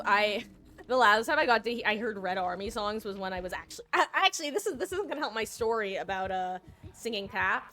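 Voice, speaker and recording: A woman's voice: mid-range voice, a bit bright. A young woman streaming a game, sleep-deprived and yawning, chatting in a rambling, giggly, self-deprecating way. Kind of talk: casual gaming stream chat.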